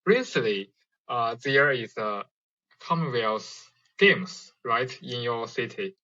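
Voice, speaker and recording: A caller from China asks questions slowly, filling gaps with uh. The mid-range voice sounds bright, but the call audio is dull and muffled. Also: medium pitch, animated. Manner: hesitant, many fillers.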